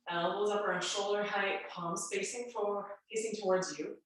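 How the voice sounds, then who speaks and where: A woman's voice: medium pitch, fairly even intonation, moderate pace, soft background music. A woman fitness instructor with a congested, nasal voice, giving chatty, reassuring cues through a guided workout. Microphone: camera mic at a distance. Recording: very echoey room, voice far from mic.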